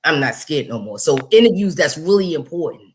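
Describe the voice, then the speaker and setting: Animated woman livestream host. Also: deep voice, brisk, slight background noise. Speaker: host and interviewer. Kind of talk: casual livestream chat.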